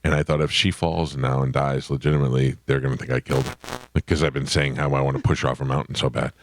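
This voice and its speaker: A middle-aged man hosting a radio show, telling stories in deadpan, joking banter. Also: extremely low pitch, fast, slight background noise. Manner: deadpan, joking, animated storytelling. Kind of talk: casual comedic banter. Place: radio studio.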